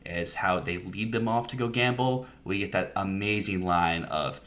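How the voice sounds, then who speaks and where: Bright-voiced man chatting about films. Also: low voice, moderate pace. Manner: enthusiastic, laughs often while talking. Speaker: podcast guest. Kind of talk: casual podcast film discussion.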